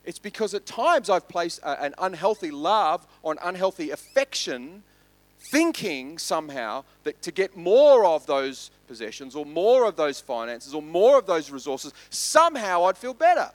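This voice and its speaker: Animated man preaching. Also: fairly high pitch, normal speed, dry recording, poor audio. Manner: animated, swings from loud to hushed. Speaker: pastor. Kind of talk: sermon.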